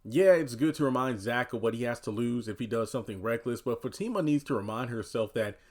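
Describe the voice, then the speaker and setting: A man of medium pitch gives fairly quick, easygoing commentary on a TV episode, full of "uh" and "you know." As a recap commentator, he performs the characters' lines in lively voices.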